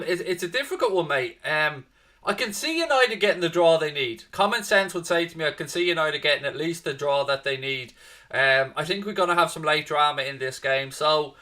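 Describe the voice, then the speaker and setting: A man's voice: fairly high pitch, pushed and bright. A man hosting a live football watchalong stream, chatting casually and greeting viewers by name with matey banter. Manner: addresses listeners as mate and folks. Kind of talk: live casual match-preview chat.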